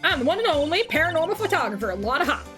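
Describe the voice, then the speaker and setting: A woman's voice: sits high, very animated, rapid-fire, over music, voice pushed up. A woman voicing a brash, boisterous female photographer with a put-on American Southern accent. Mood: boastful. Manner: boisterous, folksy.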